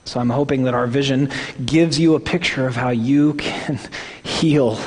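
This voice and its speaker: Husky Midwestern pastor in a church hall. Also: male voice, fairly high pitch. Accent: Midwestern American. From American Midwest. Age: 40s. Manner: candid, self-deprecating, conversational. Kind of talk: sermon. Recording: long reverb of a church hall.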